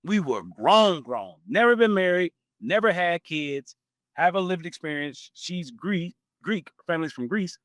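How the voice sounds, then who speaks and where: A man in his forties hosting a podcast, telling a personal story in a casual, animated way and laughing often. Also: normal speed, dry recording, studio quality. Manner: animated, acts out quoted voices with big pitch jumps. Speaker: podcast host.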